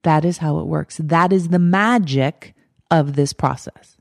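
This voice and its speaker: A woman's voice: sits low, a little slow, gravelly, dry recording, clean studio sound. A woman hosting a life coaching podcast, talking directly and emphatically and repeating her key steps. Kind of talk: motivational podcast talk.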